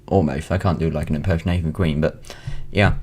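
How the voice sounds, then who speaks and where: His voice is extremely low, slightly rough and a little mellow, holding a steady tone as he talks fast. The young Welsh man, in his late teens with a British accent, rambles through a casual home-recorded vlog monologue with frequent ums and restarts.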